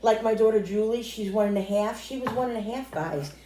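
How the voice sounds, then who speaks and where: A woman's voice: a little high, brisk, reverberant, noisy background. A middle-aged woman talking casually to viewers while cooking, rambling and emotional, often calling them guys. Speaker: cooking vlogger. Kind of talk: chatty cooking vlog. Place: home kitchen.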